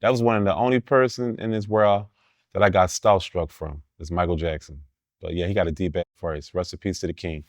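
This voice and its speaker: Blunt, slangy man with a low voice. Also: fairly quick, dry recording. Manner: blunt, profane street slang; animated, laughs while telling stories. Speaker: interview guest. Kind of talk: casual storytelling in an interview.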